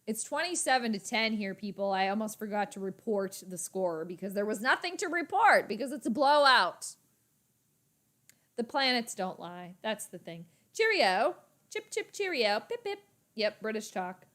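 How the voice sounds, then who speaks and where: A woman's voice: medium pitch, fairly bright tone. A young woman hosting a live sports reaction stream, chatting in a rambling, playful way. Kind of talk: casual live-stream chat.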